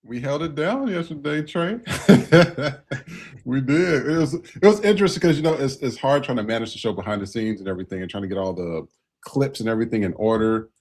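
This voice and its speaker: A man's voice: mid-range voice, animated, quick pace, a little mellow. A man hosting a podcast in casual, loose conversation, talking over a video call setup. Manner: loose and conversational, with fillers and restarts. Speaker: podcast host.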